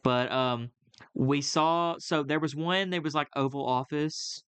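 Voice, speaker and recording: A young man co-hosting a casual podcast, rambling through a story full of "like"s and restarts. His voice is smooth and resonant. It is recorded close and dry, with no room sound. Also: fairly high pitch, measured pace, a bit bright, no echo. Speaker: podcast co-host. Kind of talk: casual chat.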